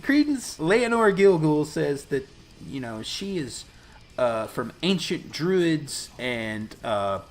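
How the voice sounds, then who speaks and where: A man's voice: fairly high pitch, sing-song, slow. A man co-hosting a casual podcast, recapping a movie scene by scene, swearing often and acting out lines. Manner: profane, laughing, acts out film lines. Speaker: podcast co-host.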